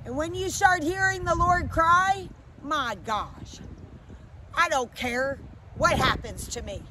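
Very high-voiced woman preaching slowly. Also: sharp tone, poor audio. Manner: urgent, pleading, emotional. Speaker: minister. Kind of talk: impassioned preaching and prayer. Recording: outdoor traffic noise behind voice.

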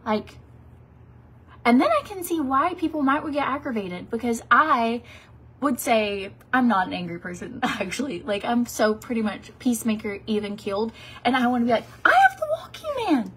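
A woman's voice: on the high side, moderate pace, fairly bright tone, slightly rough. A woman in her thirties from Tennessee, a beauty vlogger chatting casually during a makeup tutorial, rambling with many fillers and restarts.

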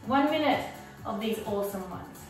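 A woman's voice: medium pitch, animated, moderate pace. A woman fitness instructor guiding a workout, encouraging and cueing moves and counting time. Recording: echoey room, mic far off, faint music.

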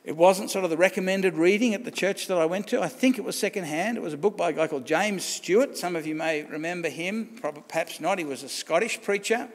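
A man's voice: high voice, fast talker, few pauses. Australian man preaching in reverberant church. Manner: conversational, restarts and rhetorical questions. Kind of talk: sermon. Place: church hall.

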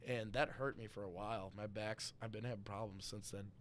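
A young man chatting as a podcast guest, telling an animated story full of laughs and swearing. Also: lowish voice, a little fast. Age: young adult. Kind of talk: casual chat.

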